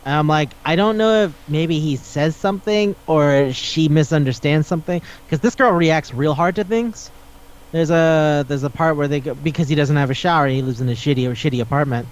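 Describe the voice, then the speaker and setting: A man's voice: a little high, moderate pace, lo-fi sound. A man hosting a casual podcast chat, rambling and swearing as he retells scenes and acts out the dialogue. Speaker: podcast host.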